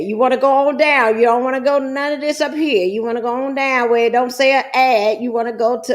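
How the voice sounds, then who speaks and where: A woman's voice: high voice, fairly even intonation, fairly quick, few pauses. A middle-aged woman, walking viewers through online business forms in a folksy, chatty way. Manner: folksy, chatty, calls viewers guys and child. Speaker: trucking business coach. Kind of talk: screen-share tutorial.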